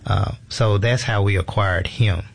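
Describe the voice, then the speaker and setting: A man's voice: fairly low pitch, steady tone, unhurried, gravelly. A man, a museum educator explaining animals in an informal, easygoing way. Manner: informal, explanatory, frequent fillers and restarts. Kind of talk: casual radio interview.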